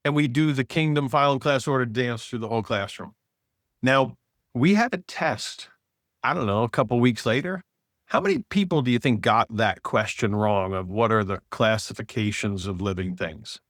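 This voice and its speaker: A man talking as a podcast guest, telling a lively story and acting out the people in it. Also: medium pitch, moderate pace, no echo, studio quality. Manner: animated storyteller, acts out quoted voices. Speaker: podcast guest, author and speaker. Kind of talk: casual storytelling conversation.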